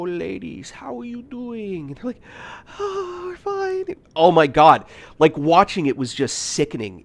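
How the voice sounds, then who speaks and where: A man from the United States chatting casually on a game stream, telling stories with lots of fillers and frequent laughs. His voice sits at an ordinary pitch for a man. It swings widely in melody. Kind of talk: casual storytelling while gaming.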